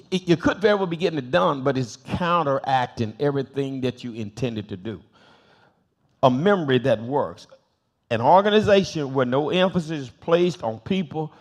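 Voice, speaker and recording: An older man, a bishop and pastor, teaching a Bible study in sermon style, telling stories, acting out quoted voices and repeating phrases for emphasis. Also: mid-range voice. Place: church sanctuary.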